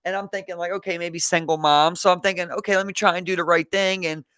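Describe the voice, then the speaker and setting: A man's voice: quick pace, smooth. A man with a Baltimore accent telling a story on a casual podcast, acting out the people in it and swearing freely. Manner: animated, acts out quotes in a low voice, swears freely. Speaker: podcast co-host.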